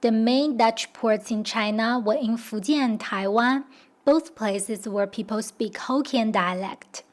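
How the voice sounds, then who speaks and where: A woman's voice: on the high side, unhurried. Woman reading a documentary voice-over. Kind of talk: scripted documentary narration.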